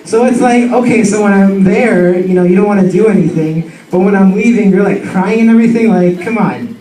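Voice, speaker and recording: A young man telling a funny story about his dog in an animated, slangy way full of fillers. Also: high voice, brisk, slight background noise. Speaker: student storyteller. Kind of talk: comic personal storytelling. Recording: roomy sound from a distant mic.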